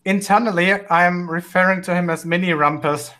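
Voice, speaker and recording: A man's voice: high-pitched, fairly even intonation, moderate pace, bright, forceful tone. A man speaking bluntly and swearing in a casual online group call. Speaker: online hangout participant.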